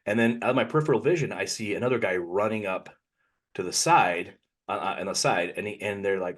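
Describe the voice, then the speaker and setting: A man's voice: fairly low pitch, fairly quick. A man co-hosting a podcast, telling a long personal story in a casual, rambling way and often correcting himself mid-sentence. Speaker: podcast co-host.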